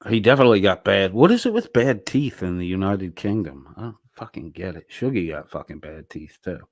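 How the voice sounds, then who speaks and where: A man's voice: low-pitched, big pitch swings, brisk, no echo, clean studio sound. A man hosting a late-night livestream, reading chat messages aloud and responding in a blunt, profane, sarcastic way.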